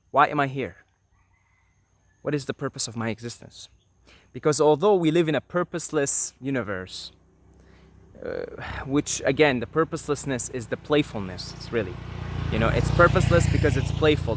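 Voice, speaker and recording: A man's voice: mid-range voice, no room sound. A man hosting a spiritual teaching video, talking earnestly to camera and repeating points for emphasis. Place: apartment at night.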